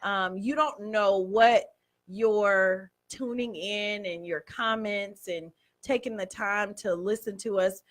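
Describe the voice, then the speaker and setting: A woman co-hosting a faith radio show in casual chat, giving shout-outs and laughing often. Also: mid-range voice, fairly even intonation, slow pace. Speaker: co-host.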